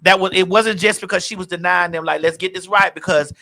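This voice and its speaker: A man's voice: high voice, fairly even intonation, fairly quick, vocal fry, bright, forceful tone. A man co-hosting a podcast, correcting and explaining in slangy casual chat. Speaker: co-host.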